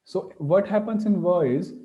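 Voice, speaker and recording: A man's voice: high-pitched, moderate pace, mellow, highs cut off. A man teaching Sanskrit pronunciation, patiently sounding out each letter aloud. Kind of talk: online class explanation.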